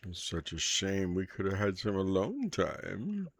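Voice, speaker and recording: A secretive middle-aged monster hunter in disguise, played by a man, coaxing and probing in a deep voice. He speaks slowly, in a dry, close voice with no room around it. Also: sing-song, slightly rough, no room sound, exaggerated voice. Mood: flirtatious.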